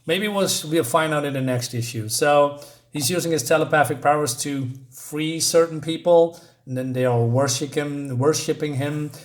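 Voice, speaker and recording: A man casually reviewing a comic book, sarcastic and exasperated, rambling with many fillers and reading dialogue aloud. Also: fairly high pitch. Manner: reads dialogue aloud in quick snatches.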